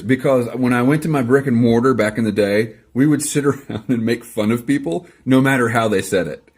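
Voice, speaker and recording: A man's voice: medium pitch, a little fast, few pauses, breathy edge. A man answering viewer comments in a casual video, dry and sarcastic, rambling along with self-deprecating asides, recorded in his garage. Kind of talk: casual chat to camera. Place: home garage.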